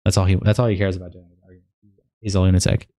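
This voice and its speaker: A man's voice: low voice, flat delivery, fast talker, warm tone, no room sound. A man streaming live, reading chat logs aloud and commenting on them bluntly with plenty of swearing. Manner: blunt, profane and exasperated.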